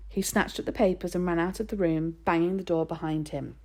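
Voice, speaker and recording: A woman narrating a children's novel aloud in an expressive storytelling manner. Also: fairly low pitch, a little fast, few pauses.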